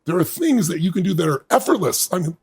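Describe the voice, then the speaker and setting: Gravelly husky man telling his story. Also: high-pitched, quick pace. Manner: earnest, building to bursts of excitement. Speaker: guest. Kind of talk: storytelling interview talk.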